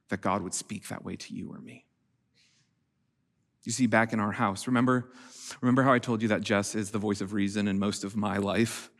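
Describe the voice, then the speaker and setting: A man in his thirties preaching a sermon as pastor, shifting from quiet storytelling to raised, emphatic delivery. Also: on the low side. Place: church stage.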